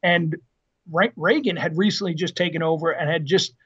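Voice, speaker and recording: Fifties guy with a high voice, animated storyteller, slightly muffled lo-fi sound. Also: moderate pace, slightly rough. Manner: lively storyteller who acts out quoted dialogue. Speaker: podcast guest, retired Marine officer. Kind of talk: casual storytelling interview. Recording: dull lo-fi sound.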